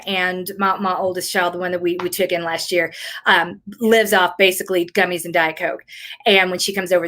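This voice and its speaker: Answering questions live as a fitness coach, a middle-aged rural Tennessee woman with a Southern accent chats, rambles slightly and jokes at her own expense. She has a mid-range, somewhat bright voice.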